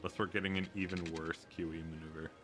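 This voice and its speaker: A man chatting casually while playing a co-op game, laid-back and quick to laugh. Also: low voice, level tone, music in the background. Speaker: co-op game player. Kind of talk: casual gaming chat.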